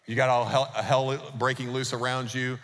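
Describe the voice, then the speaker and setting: A man's voice: mid-range voice, little pitch movement, moderate pace, a bit bright. A man preaching a sermon as pastor, emphatic and putting rhetorical questions to the congregation. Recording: long reverb of a large hall.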